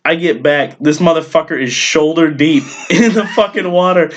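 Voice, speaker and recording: A man's voice: fairly high pitch, moderate pace, a little hiss or hum. A man co-hosting a podcast, telling a story in casual chat, swearing often and acting out what others said. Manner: animated storyteller, swears often, acts out quotes. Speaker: podcast co-host.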